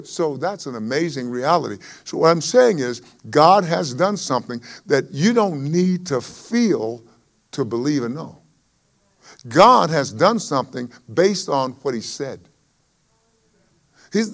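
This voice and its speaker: A man with a high voice preaches a sermon. He pushes loud on the scripture lines and then drops to a quieter, conversational tone between them. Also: expressive, unhurried, creaky. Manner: emphatic preaching that swells and drops in volume. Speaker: pastor.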